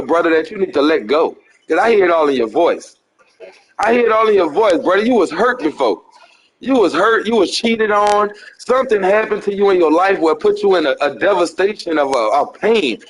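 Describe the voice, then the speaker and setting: High-voiced preaching man. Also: low-quality recording. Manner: repetitive, pleading and insistent. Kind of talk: preaching to a caller.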